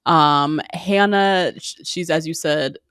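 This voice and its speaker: A woman's voice: sits low, slow pace, fairly bright tone, smooth, dry recording, studio quality. A woman co-hosting a podcast, recapping a reality show in casual, chatty talk and laughing often. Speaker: podcast co-host.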